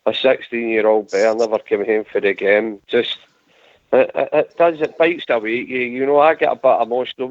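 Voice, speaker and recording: A man's voice: mid-range voice, no echo. Scottish man hosting over a phone line. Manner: earnest, rambling, repeats phrases. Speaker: host of a fan radio phone-in. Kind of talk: casual fan radio chat. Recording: dry tinny phone-line audio.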